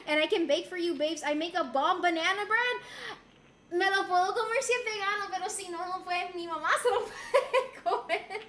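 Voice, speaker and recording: A woman's voice: very high voice, moderate pace, a bit bright. A woman from Rico, chatting casually with her stream viewers and laughing often as she switches between English and Spanish. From Puerto Rico. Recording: roomy with faint background noise.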